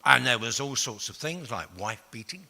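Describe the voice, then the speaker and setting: A man, telling blunt, profane stories to an audience, jumping from loud outbursts to hushed asides. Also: medium pitch, animated, moderate pace, creaky. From England. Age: 60s. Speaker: speaker. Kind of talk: storytelling talk to an audience. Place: large hall with an audience. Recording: long reverb of a large hall.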